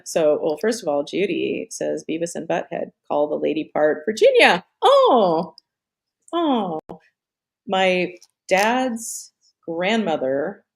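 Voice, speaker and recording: A middle-aged woman hosting a live stream in casual chat, rambling off on tangents, swearing and laughing often. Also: lowish voice.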